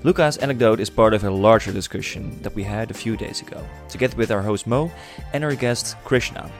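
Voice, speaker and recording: Gravelly low-voiced male podcast host. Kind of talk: scripted podcast intro.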